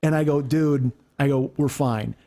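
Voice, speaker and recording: A middle-aged man with a slightly higher voice, spinning a long story in a relaxed, unscripted way. He swears freely and slips into the voices of the people he quotes, keeping the telling animated. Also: brisk. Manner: animated, profane, acts out quotes. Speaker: comedian podcast host. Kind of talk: casual storytelling.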